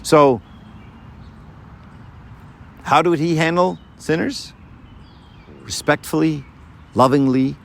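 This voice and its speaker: A man giving a sermon to a live audience, lively and full of rhetorical questions. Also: fairly high pitch, slow pace, gravelly, pauses often, a little hiss or hum. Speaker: preacher.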